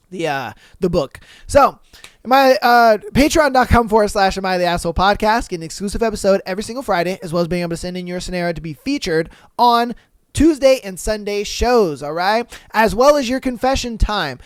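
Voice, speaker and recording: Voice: medium pitch, smooth, no room sound. A podcast host chatting casually and jokingly on their own, using lots of slang, laughing at their own bits and slipping into exaggerated voices for quotes. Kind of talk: casual solo podcast chat.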